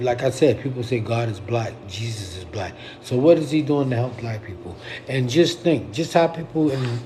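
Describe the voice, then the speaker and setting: A man's voice: mid-range voice, warm tone, slight background noise. Blunt, profane middle-aged man ranting. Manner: blunt, profane and repetitive, speaking to viewers. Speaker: poet and livestreamer. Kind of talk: casual livestream rant.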